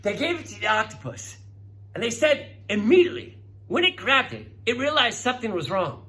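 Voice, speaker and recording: A middle-aged man telling children a science story, calling each child by name and getting excited as he goes. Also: very high-pitched, fairly quick, rough recording. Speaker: presenter talking to children. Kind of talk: storytelling science talk for kids.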